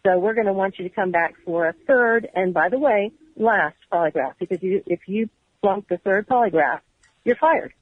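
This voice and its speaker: A woman's voice: medium pitch, moderate pace, dry recording, narrow, tinny audio. A woman guest on a radio interview, telling her story in earnest detail and acting out what others said to her. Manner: earnest, detailed storyteller who acts out quoted dialogue. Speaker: radio guest, former agency employee.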